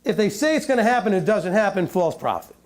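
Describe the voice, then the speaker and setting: Animated high-voiced male Bible teacher. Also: fast talker. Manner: joking asides, laughing at his own humor. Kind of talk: teaching sermon reading and explaining scripture verse by verse.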